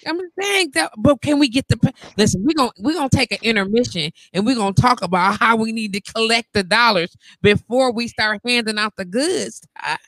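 Female live-stream host in bed: brash, joking, gravelly bright tone, dry close sound. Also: a little high, a little fast, hardly any pauses, no room sound. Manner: teasing, loud, joking, laughing. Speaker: livestream talk show host. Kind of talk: casual live-stream banter, reading viewer comments.

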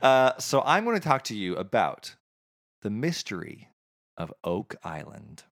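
A man's voice: fairly low pitch, very animated, unhurried, vocal fry, a bit bright. A man co-hosting a podcast in casual chat, rambling with frequent fillers. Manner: rambling, lots of "um"s. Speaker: podcast co-host.

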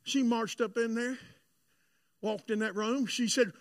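High, gravelly preacher man. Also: fairly even intonation, measured pace, no echo. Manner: fervent, swings between shouted preaching and hushed confiding storytelling. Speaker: pastor. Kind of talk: sermon with personal storytelling.

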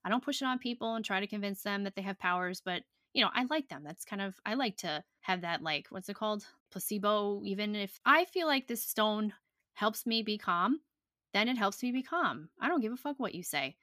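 A young adult woman chats on her podcast, blunt and profane, tossing in fillers as she goes. Her voice is bright and forceful at a middle pitch. The sound is close and dry. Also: animated, a little fast, dry recording. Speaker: podcast host. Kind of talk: casual chat.

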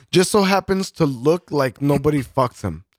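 A man in loose podcast banter, cursing nearly every sentence and stumbling through restarts. His voice sits fairly high, and the recording is dry and close. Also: no echo. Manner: profane, rambling, full of fillers and restarts. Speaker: podcast co-host. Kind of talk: casual podcast chat.

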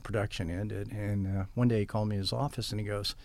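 Here an older man talks fast in a flat, gravelly voice, fairly low and darkish, with no echo. As a storytelling-interview guest, he rambles through long anecdotes and acts out quoted lines as he tells them.

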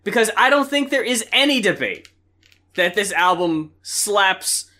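A man's voice: high voice, expressive, unhurried, bright, forceful tone. A man co-hosting a casual music review chat, emphatic and blunt, swearing freely. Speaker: music review podcast co-host.

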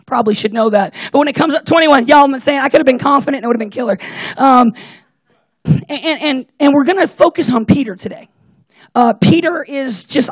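A man preaching a casual, jokey sermon to a church, acting out Bible characters with lively asides. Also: very high voice, vocal fry, dry recording.

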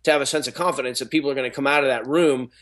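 A man's voice: medium pitch, fairly even intonation, racing, a bit bright. A middle-aged man who is an actor and speaker, telling stories in a rambling, casual way, full of restarts and fillers. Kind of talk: casual interview talk.

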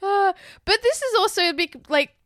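A woman's voice: very high voice, lively intonation, normal speed, fairly bright tone, no room sound, studio quality. A woman co-hosting a podcast, casually recapping a film scene by scene and acting out the characters' lines. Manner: chatty, laughs often, acts out lines from the film. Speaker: podcast co-host.

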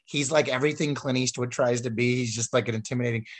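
A man's voice: mid-range voice, fast. A man telling long, rambling stories about his wrestling days in casual chat, full of fillers and restarts. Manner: rambling, animated storytelling with many fillers.

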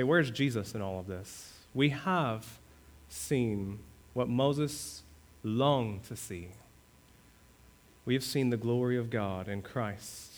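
A male pastor preaching a sermon, asking the congregation questions and building to fervent high points. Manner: preaching with rising fervor, rhetorical questions to the congregation.

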